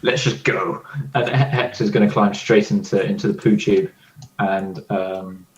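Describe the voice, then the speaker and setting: A man's voice: fairly low pitch, steady tone, normal speed, a little mellow. A man casually describing his character's actions in a tabletop game, laid-back and amused. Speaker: player. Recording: roomy, dull lo-fi audio.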